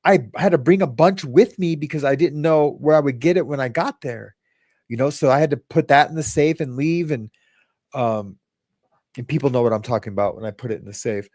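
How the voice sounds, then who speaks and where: A man hosting a podcast tells his recovery story in a loose, rambling way, restarting sentences and acting out what others said. His voice sits at an ordinary pitch for a man. The recording is dry, with no room echo. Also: a little fast, darkish tone. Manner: rambling, with frequent restarts and reenacted quotes. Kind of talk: casual storytelling.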